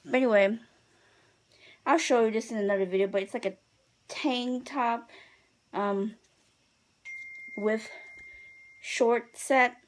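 A woman's voice: on the high side, steady tone, takes it slowly, pauses often, a little hiss or hum. A tired young woman vlogging in a casual, rambling way, with many fillers as she chats to her viewers. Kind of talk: casual chat.

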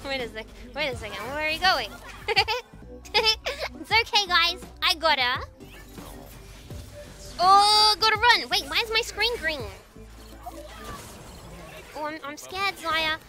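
A woman streaming a game talks in a very high, bright voice, full of giggles and sudden outbursts. She narrates her own play, pleads with her teammates and laughs at her own mistakes, while game music plays clearly underneath. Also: big pitch swings, a little slow, long pauses. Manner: self-mocking, frequent laughter. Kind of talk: live gameplay commentary.

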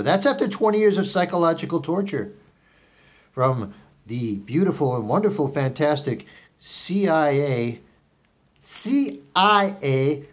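Playing a scheming, grandiose billionaire for laughs, a man lurches between muttering low and shouting.

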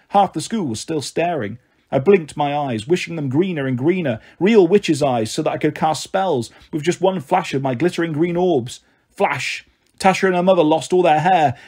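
A man narrating a children's novel aloud with expressive, lively storytelling. His voice is a little high for a man, with a husky, breathy grain. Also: normal speed. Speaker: audiobook narrator.

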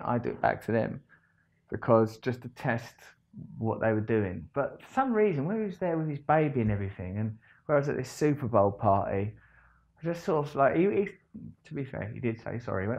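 A man talks straight to camera in a rambling storytime monologue. His voice is mid-pitched for a man and swings between loud outbursts and quiet asides. He restarts sentences often and pokes fun at himself. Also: expressive, fairly quick, gravelly. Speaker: vlogger.

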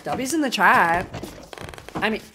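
A woman's voice: medium pitch, lively intonation, takes it slowly, noisy background. A woman streaming a horror game live, panicking, swearing and shrieking the same exclamations over and over. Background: game music.

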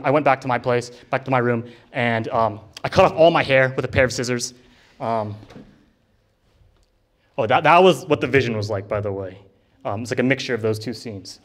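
Young man telling a rambling personal testimony. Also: mid-range voice. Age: young adult. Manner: casual, filler-heavy storytelling with many likes and ums. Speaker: college student giving a testimony. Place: college ministry center.

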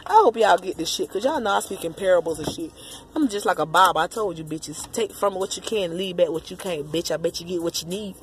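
A woman vlogger ranting casually to her viewers, profane, loud and rambling. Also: on the low side, animated, fairly quick, a little hiss or hum. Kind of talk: casual rant to the camera.

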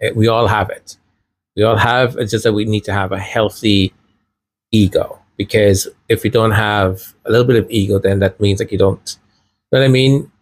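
A man's voice: lowish voice, steady tone, normal speed. A man hosting a podcast, chatting casually, laughing easily and repeating himself as he reads viewer comments. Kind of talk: casual livestream chat.

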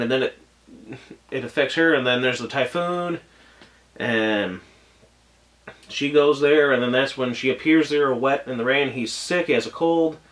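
A man's voice: mid-range voice, a bit bright. A man reviewing an anime episode in casual talk, gushing and emotional, rambling with many restarts and trailing thoughts.

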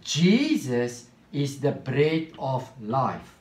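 A male preacher with an Afrikaans accent, teaching a sermon slowly and emphatically, repeating phrases word by word while pointing to a board. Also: mid-range voice, big pitch swings.

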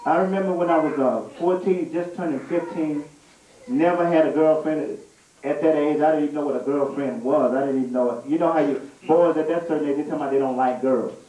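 A man tells a comic story from the pulpit, animated and laughing as he goes. His voice sits high. It is recorded in an echoey church from some distance off the mic. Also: a little fast. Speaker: preacher. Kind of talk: storytelling sermon. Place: church sanctuary.

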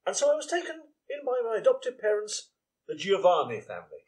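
A man playing a deadpan, stuffy police assistant. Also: high-pitched, quick pace. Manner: dry, deadpan, stuffy "sir". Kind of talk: live comedy sketch reading.

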